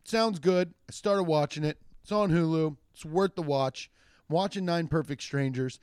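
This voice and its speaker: A man hosting a solo comedy podcast, talking in a slightly high voice. He rambles in a casual, profane way, breaks off into jokey asides and restarts his sentences. His voice is recorded dry and close on the mic. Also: normal speed, a little mellow, smooth, dry recording. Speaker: podcast host and stand-up comedian.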